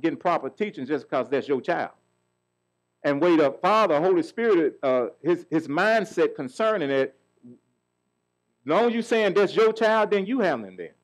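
A man's voice: on the high side, low-quality recording. Man preaching call-and-response. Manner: call-and-response preaching, asks the congregation questions. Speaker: pastor. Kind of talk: sermon.

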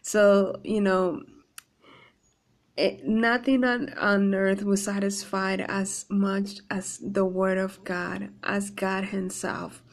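A woman reading a psalm aloud and then explaining it in an earnest, halting devotional talk full of fillers and restarts. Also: mid-range voice, level tone. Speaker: Bible devotional speaker.

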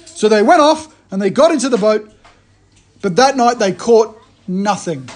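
A man giving a conversational sermon, retelling a story in a lively way and often restarting his phrases. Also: high voice, unhurried. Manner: animated storytelling, frequent restarts. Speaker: preacher.

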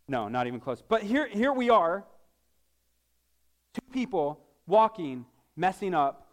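A man preaches from the pulpit in a relaxed, conversational way, cracking jokes and tripping over his own words as he goes. His voice sits high for a man. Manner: casual and joking, with frequent restarts. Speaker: pastor. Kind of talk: sermon.

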